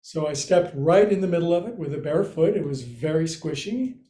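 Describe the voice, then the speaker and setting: A man's voice: a little high, expressive, normal speed, mellow. A man teaching a livestreamed yoga class, counting and cueing moves with playful jokes. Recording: roomy, echoey room.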